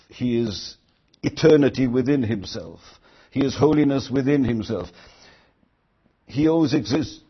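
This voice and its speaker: In a dull, lo-fi recording, an older preacher with a medium-pitched, husky, slightly rough voice preaches earnestly, raising his voice when he delivers emphatic quotations.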